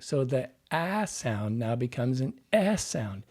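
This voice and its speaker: Man, dialect coach type, dark husky tone, explanatory, demonstrates voices mid-sentence. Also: mid-range voice, animated. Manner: explanatory, breaks into quick vocal demonstrations. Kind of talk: podcast guest interview.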